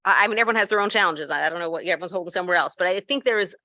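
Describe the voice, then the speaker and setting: A woman speaking at an educators' gathering, telling a story in a conversational teaching style with quick asides and self-corrections. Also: fairly low pitch, sharp tone, no echo.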